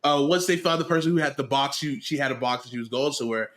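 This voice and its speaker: A man's voice: mid-range voice, fast talker, a bit bright. Guy hosting a podcast, mid voice, rambles along with lots of likes and ums. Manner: rambling, filler-heavy recap. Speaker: podcast host. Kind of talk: casual chat.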